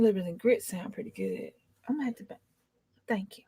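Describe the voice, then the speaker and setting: A woman's voice: medium pitch, fairly quick, a little mellow, husky, no echo. A young adult woman rambling in casual chat, drawling and emphatic as a co-host.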